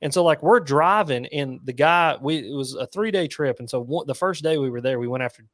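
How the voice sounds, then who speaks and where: A man on a podcast as a guest angler, chatting casually and excitedly, full of "like" fillers. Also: fairly high pitch, brisk, no room sound.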